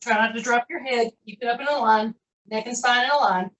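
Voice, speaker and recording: An upbeat woman coaches a live online workout class, cueing moves in a chatty, encouraging manner with folksy phrases. Her voice is on the high side, brisk and fairly bright, heard from far away in an echoey room.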